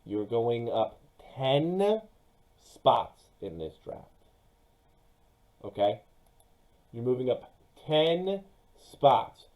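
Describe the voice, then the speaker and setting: A young man giving casual, excitable commentary on his own football mock draft, speaking straight to his viewers. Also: medium pitch, very slow, long pauses, low-quality recording. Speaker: sports YouTuber.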